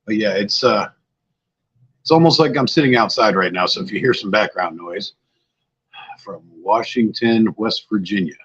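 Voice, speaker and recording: A man's voice: fairly low pitch, normal speed, pauses often, fairly bright tone, slightly rough, lo-fi sound. An older man hosting a casual livestream, tired and a bit scatterbrained, chatting loosely with viewers. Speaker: livestream host. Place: outdoors-like spot at home.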